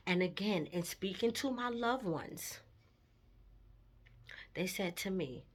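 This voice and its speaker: A woman's voice: medium pitch, expressive, slow pace, pauses often, slightly rough. A woman telling a personal story in a candid, emotional vlog, with her intensity rising at times. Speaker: vlogger.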